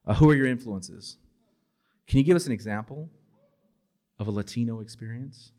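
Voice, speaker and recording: A man's voice: mid-range voice, normal speed, mellow. A man in his forties from Los Angeles performing spoken word poetry at a bookstore event, with emphatic, dramatic delivery and Spanish words mixed in. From Los Angeles, USA.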